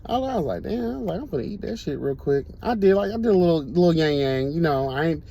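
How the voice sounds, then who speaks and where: A man chats casually to his audience in a lively, swooping voice that climbs and drops a lot. His delivery is camp and animated, and he breaks into laughter often as he tells his stories. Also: on the high side, fast, gravelly, a little hiss or hum. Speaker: host. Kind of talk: casual storytelling chat.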